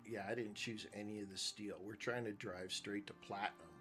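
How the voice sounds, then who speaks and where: A middle-aged man streaming a game, telling a crude story in a loose, profane, excitable way. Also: on the low side, brisk, music in the background. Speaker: gaming streamer. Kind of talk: casual chat while gaming.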